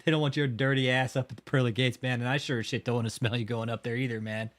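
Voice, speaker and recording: A man's voice: medium pitch, flat delivery, fast, fairly bright tone. A man hosting a livestream, talking casually and heatedly, swearing often and mocking his target while reacting to chat. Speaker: livestream host.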